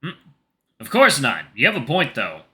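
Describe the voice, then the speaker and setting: A man's voice: medium pitch, wildly swooping pitch, normal speed, bright, forceful tone. A man voicing a wry, laid-back tiger. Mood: teasing. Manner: teasing, laid-back drinking talk. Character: easygoing adult male tiger, wry, overworked.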